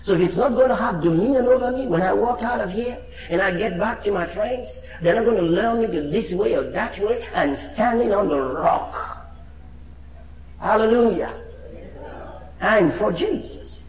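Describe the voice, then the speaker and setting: A man preaching a sermon with fervor, swinging between shouts and low asides. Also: moderate pace, roomy sound, a crowd in the background, rough recording.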